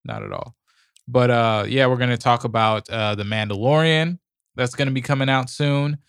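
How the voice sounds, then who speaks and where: A man's voice: mid-range voice, big pitch swings, normal speed, creaky, a bit bright, smooth, no echo. A man co-hosting a casual movie podcast in a studio, talking in a laid-back, rambling way. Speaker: podcast co-host. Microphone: studio mic.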